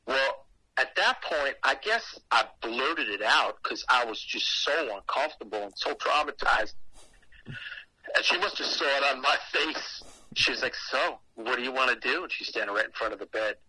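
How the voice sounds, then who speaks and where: Bright, animated man telling a story. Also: mid-range voice, normal speed, slightly rough, no echo, poor audio. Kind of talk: casual storytelling.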